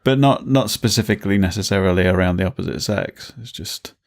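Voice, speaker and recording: A man talks casually on a podcast, thinking out loud and breaking into laughter often. His voice sits very low, with a rough, gravelly edge. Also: a little fast. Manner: reflective, laughs often, musician. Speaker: podcast co-host.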